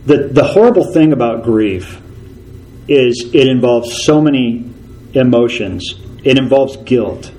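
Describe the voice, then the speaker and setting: A man preaching a sermon as a pastor. He talks earnestly, repeats key phrases for emphasis and slows down when he reads scripture. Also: mid-range voice, expressive, dark tone, rough recording.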